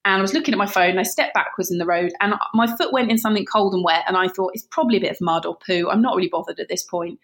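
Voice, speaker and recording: A woman's voice: medium pitch, fairly bright tone. A woman from Britain, a guest in an interview, telling stories in a chatty way with many restarts and laughs. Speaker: guest, barefoot runner. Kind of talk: animated storytelling interview.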